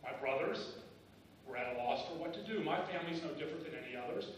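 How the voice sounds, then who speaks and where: With lively intonation and a quick pace, a middle-aged man with a slightly high voice shares his personal story at a benefit dinner, building in insistent, rising bursts. The large banquet hall makes the distant recording echoey, with slight background noise.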